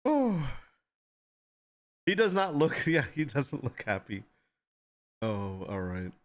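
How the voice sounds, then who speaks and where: An unhurried live-stream host chatting casually. The voice swings lively in pitch and keeps breaking into laughter while reacting to photos and reading requests aloud. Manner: reads viewer requests aloud.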